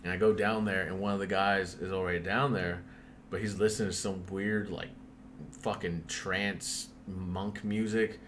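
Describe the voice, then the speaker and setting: A man's voice: low-pitched, flat delivery, moderate pace, fairly bright tone, a little hiss or hum. A young man casually telling a spooky story on a podcast, swearing often and breaking into laughs.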